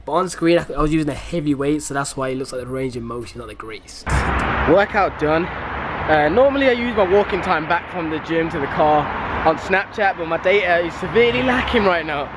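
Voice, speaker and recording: A man's voice: fairly high pitch, a little fast, very noisy. A young man, chatting casually and upbeat in a fitness vlog, rambling with fillers. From England. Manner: relaxed voice-over explaining exercises. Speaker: fitness vlogger. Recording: music playing under the voice.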